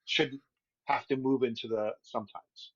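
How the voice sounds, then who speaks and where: Blunt, husky male podcast co-host. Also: medium pitch, fairly even intonation, a little slow, fairly bright tone, no echo, lo-fi sound. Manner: blunt, crude, jokey. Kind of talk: casual chat. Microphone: remote call setup.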